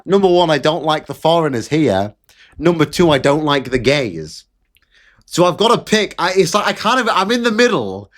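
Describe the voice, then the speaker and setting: A man's voice: a little high, sing-song, normal speed. Sarcastic man ranting. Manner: sarcastic, mocking, repeats phrases for effect. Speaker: political commentator. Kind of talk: casual ranting commentary.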